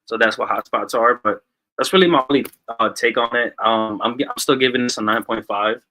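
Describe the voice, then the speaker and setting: A man hosting a music review livestream, talking loosely and full of filler words. His voice is bright and forward. He sounds like he is on a video call. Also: medium pitch, brisk, poor audio. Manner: talkative, lots of "like" fillers. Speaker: music review show host. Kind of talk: casual livestream music critique.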